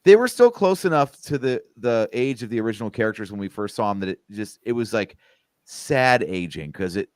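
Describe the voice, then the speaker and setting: A man's voice: on the low side, big pitch swings, a little fast, no room sound, studio quality. A man chatting as a guest on a movie watch-along, thoughtful with a joking edge. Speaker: podcast guest.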